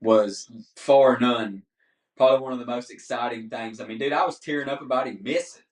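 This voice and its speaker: A man's voice: medium pitch, a little fast. Man telling hunting stories, roomy. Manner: animated, laughs often, says "dude" a lot. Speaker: guest hunter. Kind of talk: casual storytelling on a podcast. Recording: roomy, distant mic.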